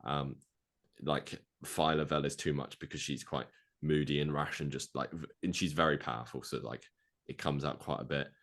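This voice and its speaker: Man, very low voice, casual podcast co-host, rambling, filler-heavy. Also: steady tone, normal speed, fairly bright tone. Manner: rambling, filler-heavy, acts out quoted lines. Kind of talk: casual podcast chat pitching a movie plot.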